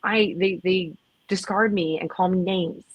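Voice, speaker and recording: A woman's voice: on the low side, steady tone, a little slow, husky, no echo. A woman speaking as a podcast guest in candid, emphatic conversation, swearing now and then and restarting her sentences.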